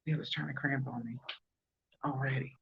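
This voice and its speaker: Her bass voice is gravelly with a breathy edge, steady in tone and moderate in pace. She's a Southern-accented podcast host from Alabama, laughing often and chatting easily with viewers on a casual live show, heard through dull lo-fi livestream sound.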